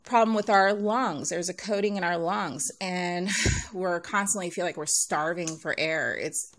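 Breathless, sighing woman with gravelly voice. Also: on the low side, measured pace, a bit bright. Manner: rambling, sighs often, laughs between points. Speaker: YouTube nail artist. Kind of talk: casual talk to camera.

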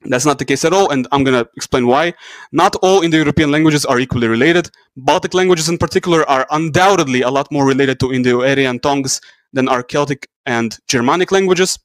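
A man's voice: mid-range voice, fairly quick, no room sound. Man giving a casual lecture. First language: Russian. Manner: casual, explains with asides and self-corrections. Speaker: YouTube channel host. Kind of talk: educational talk.

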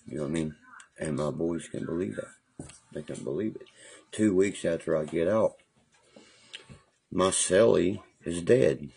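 A man's voice: deep voice, moderate pace, creaky, pauses often, husky. A man livestreaming from his phone, telling rambling, profane stories about jail in a casual way. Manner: profane, animated storytelling with laughs. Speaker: livestream vlogger. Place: parked car.

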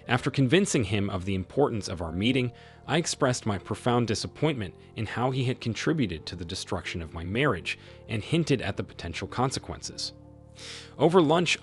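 Guy reading a story, low voice, lots of ups and downs, cold and stern, quiet music behind. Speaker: story narrator. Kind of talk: scripted first-person narration. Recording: faint music bed under voice. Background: faint background music.

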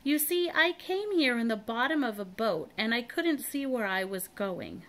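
An eager, brave little boy from a storybook, chirpy and keen, as a woman reads him aloud. He speaks a little higher and brighter than the storyteller. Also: expressive, normal speed. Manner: bright and eager, lifted pitch.

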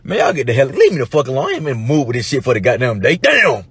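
A young man, talking in casual comedic commentary, animated, slangy and quick to laugh and swear. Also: medium pitch, slight background noise. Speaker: content creator.

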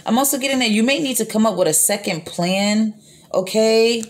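A woman's voice: a little high, normal speed. A woman giving a casual tarot reading into her phone, rambling and repeating herself with lots of fillers, blunt and sometimes profane. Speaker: tarot reader.

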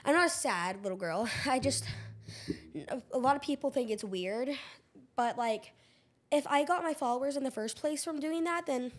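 A woman's voice: fairly high pitch, moderate pace. A teenage girl co-hosting a podcast, chatty and teasing, laughing often. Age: teens. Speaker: podcast co-host. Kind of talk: casual chat.

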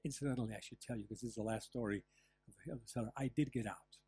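An older man preaching a sermon as pastor, telling stories with lively asides and the odd laugh. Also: medium pitch, rapid-fire, breathy edge, dry recording. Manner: animated storytelling with asides and laughs. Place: church.

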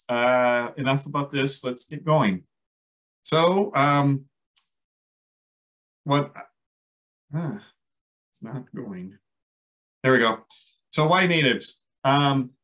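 A man with a Minnesota accent gives a relaxed lecture on gardening. He talks in a chatty, halting way, filling pauses with ums and restarting his sentences. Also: mid-range voice, rough recording. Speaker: landscape ecologist teaching a class. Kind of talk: casual lecture on native plants.

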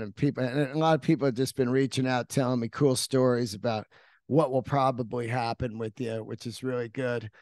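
A man's voice: fairly high pitch, clear, resonant tone, no room sound, studio quality. A middle-aged man hosting a podcast, telling stories in a rambling, profane, casual monologue. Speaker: podcast host.

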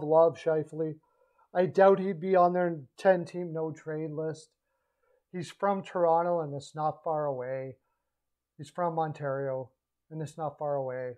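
A man's voice: a little high, rough recording. A man giving casual solo hockey trade commentary, rambling and correcting himself as he goes. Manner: rambling, self-correcting, animated asides. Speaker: hockey podcaster.

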